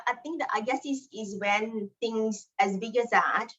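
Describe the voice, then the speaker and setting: A woman leading a spiritual circle, talking in an earnest, lively way with non-native phrasing. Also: on the high side, moderate pace, husky, dull audio. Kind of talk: casual group session talk.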